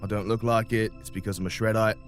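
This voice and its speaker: A man's voice: lowish voice, little pitch movement, fast talker, faint music behind, close to an everyday voice. A man voicing a blunt, self-assured male crewman who acts like the coolest guy around, in a tabletop game. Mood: cocky. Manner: blunt, dismissive, a bit showy. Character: aloof cool-guy male crewman, sixty but youthful.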